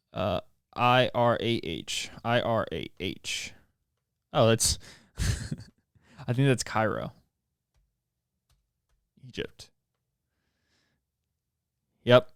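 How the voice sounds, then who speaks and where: A young American man hosts a solo podcast with a smooth, clear voice, recorded close and dry. He rambles, tripping over words and poking fun at himself. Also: medium pitch, dry recording. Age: young adult. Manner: rambling, self-mocking, stumbles over words. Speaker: podcast host.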